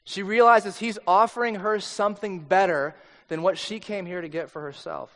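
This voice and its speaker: A man's voice: high-pitched, fairly even intonation, normal speed, fairly bright tone. A male pastor preaching a sermon in a conversational, storytelling way. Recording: long hall reverb.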